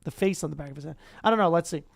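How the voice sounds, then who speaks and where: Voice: mid-range voice, very fast, vocal fry, no room sound, studio quality. A streamer reading a book aloud to a live chat, stumbling and breaking off for casual asides. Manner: chatty asides, stumbles and restarts.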